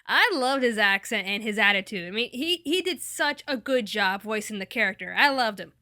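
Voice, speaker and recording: A woman's voice: mid-range voice, animated, moderate pace, pushed and bright, no echo, studio quality. A woman reviewing an anime dub in a casual, enthusiastic, chatty way.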